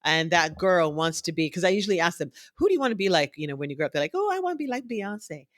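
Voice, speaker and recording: A woman's voice: sits low, rapid-fire, no room sound, studio quality. A woman guest, a nonprofit founder, telling stories in an interview and acting out other people's lines as she goes. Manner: animated storyteller who acts out others' voices. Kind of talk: conversational interview storytelling.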